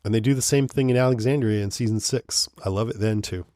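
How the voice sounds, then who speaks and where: Low-voiced man hosting a chatty podcast. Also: quick pace, dark tone, no echo, studio quality. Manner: chatty, laughs often. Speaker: podcast host. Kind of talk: casual chat, reading listener emails.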